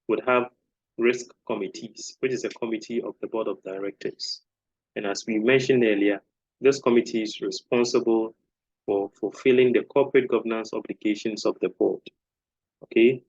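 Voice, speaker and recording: A man lecturing on a course topic in an explanatory way, often checking in with a quick "okay?". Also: on the low side, darkish tone, no echo, lo-fi sound. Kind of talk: recorded lecture.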